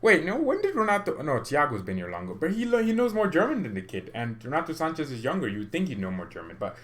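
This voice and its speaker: A young man hosting a fan channel, talking in a casual, excitable and rambling way with quick laughs. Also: fairly high pitch. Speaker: football fan channel host. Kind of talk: casual opinion vlog.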